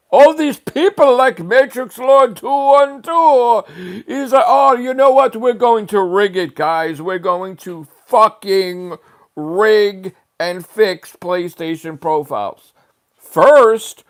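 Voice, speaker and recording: A man's voice: high-pitched, expressive, slow pace, a bit bright, pitched above the performer's own voice, exaggerated voice. A man putting on the voice of a smug, preppy man scheming to rig a leaderboard, in a mocking sing-song.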